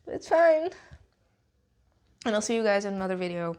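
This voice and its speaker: Woman vlogger going off, sweary, emphatic, voice jumps up and down, mid-pitched. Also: big pitch swings, moderate pace, darkish tone. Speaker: YouTube commentator. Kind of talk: heated ranting vlog commentary.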